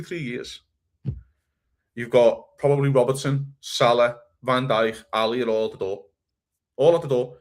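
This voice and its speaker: Blunt, animated man. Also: mid-range voice. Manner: blunt and animated, swears freely. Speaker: podcast co-host. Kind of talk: casual football chat.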